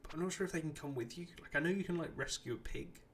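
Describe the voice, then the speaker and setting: A man's voice: fairly high pitch, quick pace, gravelly, fairly bright tone, a little hiss or hum. Chatty man narrating his gameplay. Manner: rambling, chatty, talks to game characters. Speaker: streamer playing a video game. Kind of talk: casual live gameplay commentary. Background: game music.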